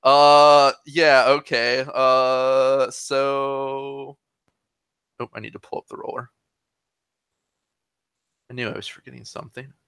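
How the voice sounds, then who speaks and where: A man's voice: mid-range voice, little pitch movement, slow, pauses often, fairly bright tone, clean tone, no room sound. A man playing a tabletop game, chatty and thinking aloud about his character's moves. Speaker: player.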